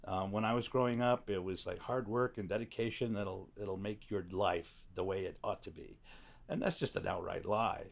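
Middle-aged guy, low gravelly voice, goes up and down a lot, blunt and reflective, chatting from a studio back room. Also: steady tone, moderate pace. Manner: reflective, blunt, swears casually. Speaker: guest. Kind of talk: casual conversation.

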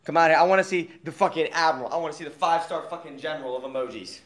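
A young man livestreaming who hypes up his chat with loud, profane shouting. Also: on the high side, very fast. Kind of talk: hyped livestream hype-up. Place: outdoors at night in a warm, mosquito-filled spot. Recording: echoey live stream audio.

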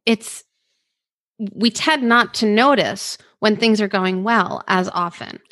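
A woman's voice: mid-range voice, slow, fairly bright tone. A woman co-hosting a conversational talk, thoughtfully adding her own points.

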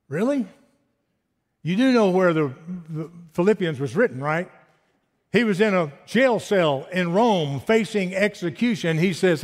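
A man in his fifties preaching a sermon, animated, asking his listeners rhetorical questions. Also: high voice, moderate pace. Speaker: pastor. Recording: long hall reverb.

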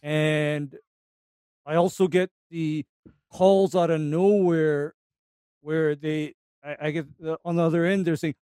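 A man in casual conversation, speaking about running a solo business in a deliberate, emphatic way, with halting phrasing. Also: on the high side, fairly even intonation, warm tone, smooth, no echo. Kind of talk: casual chat.

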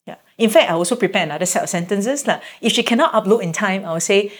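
A woman's voice: medium pitch, fast talker, hardly any pauses. A middle-aged woman, a guest parent telling stories casually and acting out quoted reactions. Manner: animated, acts out quoted reactions. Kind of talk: casual conversational storytelling.

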